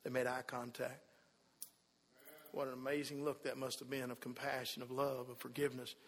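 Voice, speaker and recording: A man preaching a sermon in a church, telling the story and acting out the people in it, dropping to a hush and then rising loud again. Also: mid-range voice, flat delivery, normal speed. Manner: storytelling, acts out quoted voices, swings from hushed to loud. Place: church sanctuary. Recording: long hall reverb.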